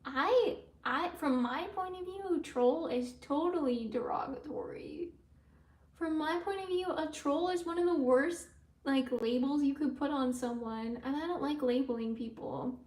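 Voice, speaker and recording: A woman's voice: sits high, unhurried, darkish tone, distant mic. A woman live streaming at home, chatting casually and answering viewers' comments aloud in a rambling way. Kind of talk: casual livestream chat with viewers. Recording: roomy sound from away from the mic.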